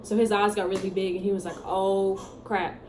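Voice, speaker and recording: A young woman telling her own story in a casual, animated way, acting out what people said. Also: mid-range voice, normal speed. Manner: animated, chatty storytelling with acted-out quotes. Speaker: vlogger. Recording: echoey room with faint background hum.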